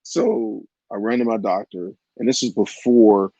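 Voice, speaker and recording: This man in his forties is a vlogger whose fairly low, dark voice moves at a measured pace with fairly even intonation. He tells a raunchy story about himself in a crude, rambling way, often breaking off with asides to the listener, on a dull, dry, lo-fi recording.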